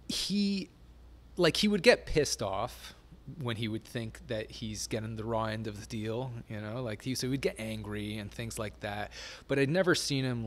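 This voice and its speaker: A man's voice: on the low side, a bit bright. A middle-aged man telling stories as an interview guest, rambling with many fillers and frequent laughter. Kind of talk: casual storytelling interview.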